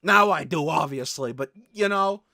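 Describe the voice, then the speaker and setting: A man chats casually over his own old video, rambling and poking fun at himself with plenty of filler words. His voice is high, gravelly and bright. The sound is dry and close. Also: moderate pace, no room sound. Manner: rambling, self-deprecating, many "like" fillers. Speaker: commentary host.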